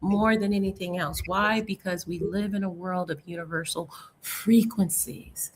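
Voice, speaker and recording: A woman's voice: fairly low pitch, steady tone, normal speed, a little hiss or hum. A woman speaking earnestly and emphatically in a live online panel chat. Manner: earnest, emphatic, spiritual talk.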